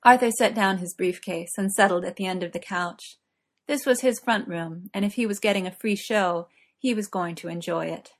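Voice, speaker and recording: A woman reading a story aloud in an even, measured way. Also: mid-range voice. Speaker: narrator.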